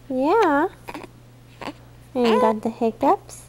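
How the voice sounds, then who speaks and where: A mother using baby talk with her infant, cooing and affectionate. Her voice is high, and she speaks very slowly and gently. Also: a little hiss or hum.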